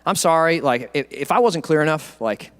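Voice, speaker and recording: A pastor voicing a gentle, humble Jesus. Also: male voice, fairly high pitch, lively intonation, moderate pace, pitched below the performer's own voice, natural voice. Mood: apologetic. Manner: soft, apologetic. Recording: long church reverb.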